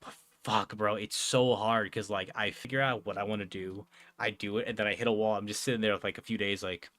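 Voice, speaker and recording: A young man talks loosely on a live stream, piling up fillers and curses and laughing often. His voice sits fairly low, and the sound is dry and close with no room around it. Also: fairly even intonation, a little fast, fairly bright tone, no room sound. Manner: rambling, filler-heavy, swearing, laughing often. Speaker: streamer and podcast host. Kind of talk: casual live-stream chat.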